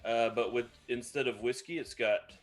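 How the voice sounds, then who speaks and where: Mixing cocktails as co-host of a laid-back live stream, this man rambles and pokes fun at himself while explaining a drink. His mid-range voice moves at a moderate pace with fairly even intonation, and faint music plays behind him.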